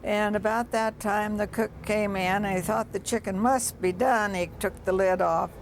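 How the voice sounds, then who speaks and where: A woman's voice: mid-range voice, fairly even intonation, moderate pace, slight background noise. A woman storyteller telling a children's folk tale aloud, with rhythmic repeated refrains.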